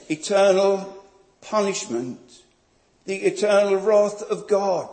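A man's voice: sits high, takes it slowly, a little mellow. A man preaching a sermon in a solemn, emphatic way, building each point through repeated phrases. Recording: long reverb of a large hall.

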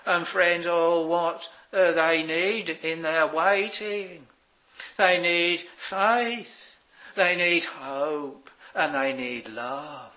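A man preaching a sermon, slow and halting with many fillers, swelling on exclamations and fading very soft at phrase ends. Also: fairly high pitch, low-quality recording.

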